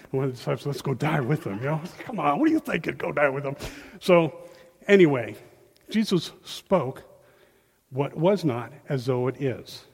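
A man delivers a loose, animated sermon, slipping into voices as he quotes people. His voice sits a bit high for a man. He speaks into a handheld mic, and long reverb from the hall trails behind him. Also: moderate pace, gravelly, husky. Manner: animated, folksy, acts out quotes. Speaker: lay preacher. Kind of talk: informal sermon. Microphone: handheld microphone.

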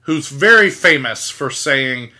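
A man's voice: mid-range voice, animated, takes it slowly, pushed and bright. A man co-hosting a casual podcast, wry and wordy, addressing the listeners directly. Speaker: podcast co-host.

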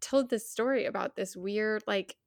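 A woman's voice: medium pitch, normal speed, no room sound, clean studio sound. A young adult woman co-hosting a podcast, talking frankly and earnestly with frequent laughs. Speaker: podcast co-host. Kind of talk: casual chat.

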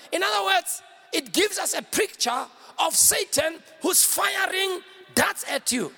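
A male pastor delivering a fiery sermon, often shouting and calling on the congregation to answer back. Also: very high-pitched, sing-song, moderate pace, vocal fry, in a large hall, soft background music. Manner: fiery preaching with shouted call-and-response.

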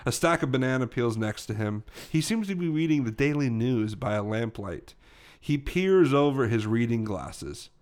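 A man's voice: medium pitch, expressive, normal speed, few pauses, a little mellow. A man narrating a tabletop role-playing game as game master, casual and self-correcting.

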